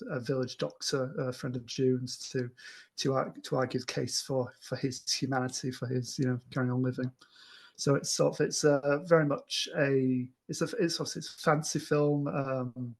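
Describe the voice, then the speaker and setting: A man co-hosting a casual film discussion podcast, speaking enthusiastically but haltingly, with many restarts and fillers. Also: medium pitch, gravelly, breathy edge. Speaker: podcast co-host.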